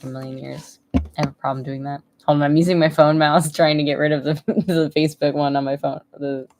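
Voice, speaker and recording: A woman's voice: low-pitched, creaky. A woman in her thirties chatting casually on a live stream from home, rambling and emotional, laughing often. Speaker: vlogger.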